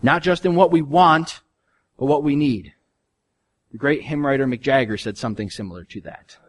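A male pastor preaching a sermon in an earnest, conversational way, his voice swinging from soft to loud. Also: mid-range voice, moderate pace.

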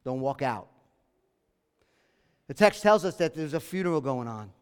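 A man's voice: medium pitch, big pitch swings, normal speed, smooth, long reverb tail. A man preaching a sermon as pastor, earnest and emphatic, repeating his key phrases.

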